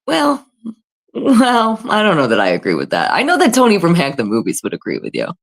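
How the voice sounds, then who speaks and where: A woman's voice: on the low side, wildly swooping pitch, brisk, creaky. A woman hosting a casual livestream, reading chat comments aloud and chatting in a self-deprecating, filler-heavy way. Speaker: livestream host.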